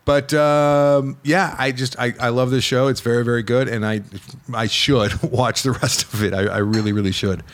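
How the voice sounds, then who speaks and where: A man from the United States co-hosting a casual film podcast, animated and teasing, playfully scolding his friend. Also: medium pitch, moderate pace, few pauses. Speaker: podcast co-host, film reviewer. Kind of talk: casual chat.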